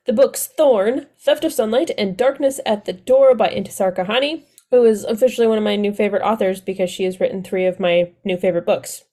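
A woman's voice: medium pitch, brisk, dark tone. A woman co-hosting a podcast, chatting casually and gushing enthusiastically about books she loved, often laughing. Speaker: podcast co-host.

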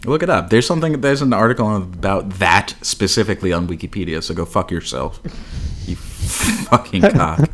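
A man's voice: deep voice, a little fast, a bit bright. A man co-hosting a podcast in casual chat, blunt and profane, with plenty of fillers. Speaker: podcast co-host.

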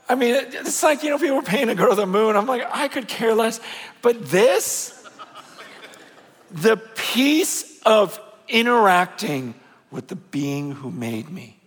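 Animated high-voiced man preaching in a hall. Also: breathy edge. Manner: animated, swings from shouting to hushed low tones; conversational with fillers and laughs. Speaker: pastor. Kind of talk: sermon. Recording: long hall reverb.

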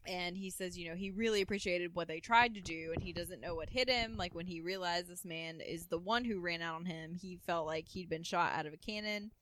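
A woman's voice: lowish voice, fairly quick, hardly any pauses. A woman co-hosting a casual podcast, recapping a television episode and slipping into the characters' lines as she goes. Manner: animated retelling, voicing characters in quotes. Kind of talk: casual chat.

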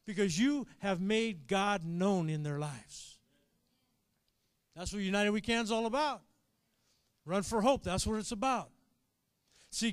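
Delivering a sermon to his flock, this pastor alternates between soft asides and shouted climaxes and keeps prompting the congregation for amens. It's an animated performance, captured with no room sound.

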